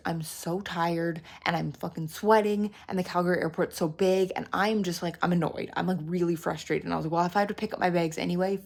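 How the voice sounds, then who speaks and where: A young woman, telling a travel story in a casual vlog, animated and exasperated, filled with "like". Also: lowish voice, vocal fry. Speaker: artist vlogger.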